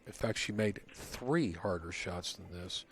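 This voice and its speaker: A man giving low, calm play-by-play commentary on a pool match, recorded in a casino event hall. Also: unhurried, slight background noise.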